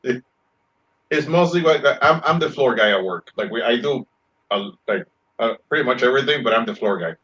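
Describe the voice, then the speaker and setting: A man's voice: mid-range voice, expressive, a little fast, fairly bright tone. A man chatting casually as a guest on a live stream, rambling with many fillers. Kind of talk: casual chat. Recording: dull lo-fi sound.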